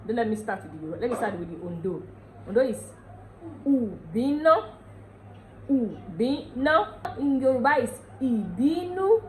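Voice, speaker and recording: A woman with a Nigerian accent teaching dialect words in a casual lesson, chatty and repeating each word slowly for drilling. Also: a little high, animated, warm tone, slight background noise, low-quality recording.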